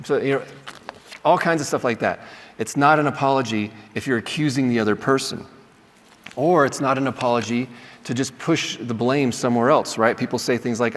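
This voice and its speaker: A man's voice: mid-range voice, brisk, fairly bright tone. Male teacher, mid-range voice, casual classroom delivery with frequent "right?" check-ins, long hall reverb. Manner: conversational, checks in with "right?", acts out sample apologies. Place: lecture hall.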